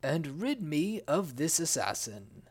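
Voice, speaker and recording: A reader voicing a suspicious, merciless male king who makes slow, cold pronouncements. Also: mid-range voice, very animated, husky, full character voice.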